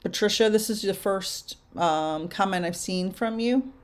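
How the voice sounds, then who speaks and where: A young adult woman medium giving spirit messages to viewers in a casual live chat, halting and soft-spoken. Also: mid-range voice, clear, resonant tone. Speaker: medium answering viewer questions.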